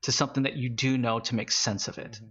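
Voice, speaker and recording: Husky-voiced male game master. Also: medium pitch, steady tone, quick pace, a bit bright, highs cut off. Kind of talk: narrating a tabletop game.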